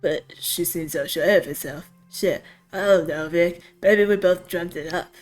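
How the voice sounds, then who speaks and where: A woman's voice: lowish voice, unhurried, soft background music, lightly acted. A woman reading as a blunt prickly girl. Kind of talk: reading game dialogue aloud.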